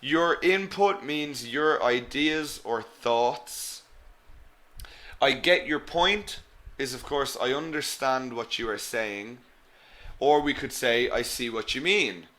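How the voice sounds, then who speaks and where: A man's voice: mid-range voice, takes it slowly, bright, forceful tone. A man teaching an English webinar, stressing each example phrase and calling his learners "guys". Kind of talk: live webinar lesson.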